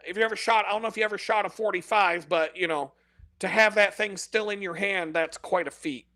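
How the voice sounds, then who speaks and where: A man's voice: high-pitched, a little fast, sharp tone, no room sound. A man ranting in a casual, profane monologue, cursing constantly and laughing at his own jokes. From United States. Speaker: podcast host.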